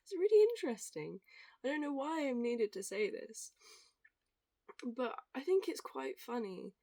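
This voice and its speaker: A young woman telling stories in a casual, animated rant, swearing and acting out what others said. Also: high-pitched, dry recording. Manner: animated, swearing, quick asides, acts out quoted voices. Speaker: vlogger.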